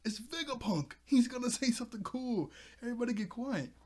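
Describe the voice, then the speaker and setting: A man voicing a loud, rowdy pirate who bosses a crowd around. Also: very high voice, lively intonation, fairly quick, pitched above the performer's own voice. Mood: bossy. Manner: shouty, bossy.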